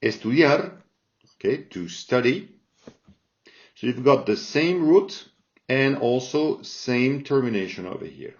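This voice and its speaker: A man gives a slow, patient language lesson, often pausing to check in with "all right?" He speaks at a mid pitch and an unhurried pace. The recording sounds dull and lo-fi. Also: expressive. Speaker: Spanish teacher.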